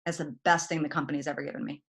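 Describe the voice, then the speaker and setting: A woman, talking in a folksy, direct and animated way as she gives motivational advice. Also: deep voice, rapid-fire. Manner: folksy, direct, animated, says "y'all" a lot. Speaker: guest network marketing leader. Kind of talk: motivational talk.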